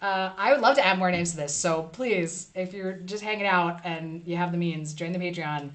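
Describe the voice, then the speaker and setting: A woman's voice: on the low side, moderate pace, a bit bright. A woman hosting a casual live stream, chatting playfully and reading viewer comments aloud. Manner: chatty, reads chat aloud, playful asides.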